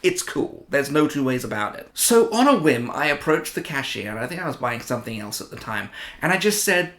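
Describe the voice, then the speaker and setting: A man's voice: fairly high pitch, fairly quick, few pauses. British man telling stories in an echoey room. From United Kingdom. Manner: animated, self-amused storyteller. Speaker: collector vlogger. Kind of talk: casual storytelling. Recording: roomy echo.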